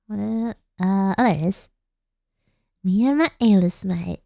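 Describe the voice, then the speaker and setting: A woman's voice: mid-range voice, moderate pace, gravelly, warm tone, dry recording, studio quality. A young woman from Australia, a vtuber chatting playfully late at night, giggling and rambling. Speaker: vtuber streamer. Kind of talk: casual late-night chat.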